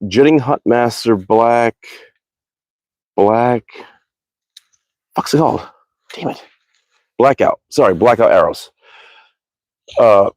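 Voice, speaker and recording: Speaking casually to his stream viewers from the backyard, a man rambles along, cursing freely and correcting himself again and again. His voice is fairly low and a little mellow, and the recording is close and dry with no echo.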